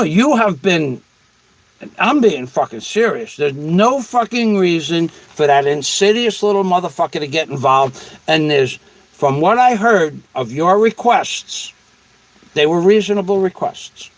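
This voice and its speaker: A man's voice: fairly high pitch, rough recording. A man hosting a casual livestream, reading viewer comments in a blunt, profane, rambling way. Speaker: livestream host.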